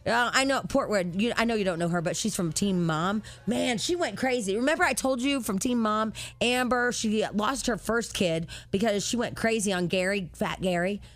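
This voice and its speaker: Woman cohost spilling celeb gossip, lively, chatty, music faint in back. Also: medium pitch, normal speed, hardly any pauses, no echo. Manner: animated storytelling. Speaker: talk show co-host. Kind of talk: casual gossip chat.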